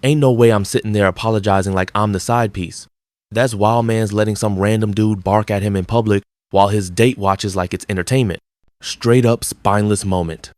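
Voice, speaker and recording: Blunt deep-voiced male commentator. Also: steady tone, moderate pace, a little mellow, no echo. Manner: blunt, mocking. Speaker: reaction commentator. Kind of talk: scripted commentary.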